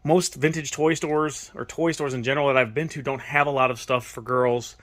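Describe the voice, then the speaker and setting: A man at an ordinary middle pitch gives a casual walking tour of his toy store. He talks quickly and excitedly, tripping over his words and restarting sentences as he goes. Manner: excited, fast-talking with restarts.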